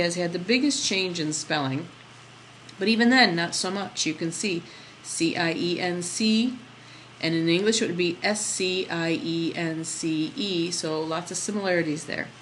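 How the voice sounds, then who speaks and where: A woman with a slightly low voice walks a class through a slide lesson, patient and step by step. She stops now and then to ask the students questions. A faint hiss of background noise sits under her voice. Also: rough recording. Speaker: Spanish teacher.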